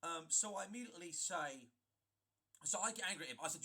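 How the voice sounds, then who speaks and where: A man recounting a story for his vlog, emphatic and often restarting his sentences. His voice is husky and fairly high, with a bright edge. His pitch swings widely as he talks. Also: normal speed, long pauses. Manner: animated, emphatic, frequent restarts. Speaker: gaming video creator.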